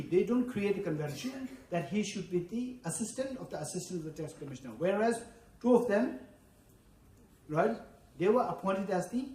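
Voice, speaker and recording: A man teaching as a Buddhist teacher, animated, acting out quoted voices and often asking "yes, no?", a native Tibetan speaker. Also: sits high. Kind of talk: dharma teaching. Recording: echoey room, from far off.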